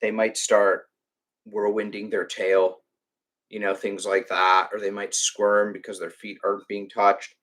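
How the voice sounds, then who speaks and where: A man's voice: on the low side, little pitch movement, a little slow, a bit bright. A man who runs a reptile rescue, chatting on a live stream and ranting with lots of restarts and filler words. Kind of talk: casual live-stream chat.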